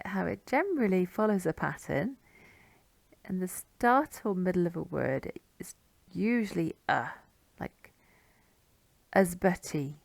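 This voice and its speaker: A woman teaching pronunciation, saying each sound slowly and repeating it with care. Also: on the low side, creaky, no room sound. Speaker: language teacher. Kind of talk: pronunciation lesson.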